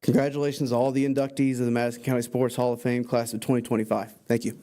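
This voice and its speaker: Man presenter, brisk tribute, dark mellow tone, quick. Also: mid-range voice, level tone. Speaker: presenter honoring an inductee. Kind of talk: tribute speech. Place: banquet hall.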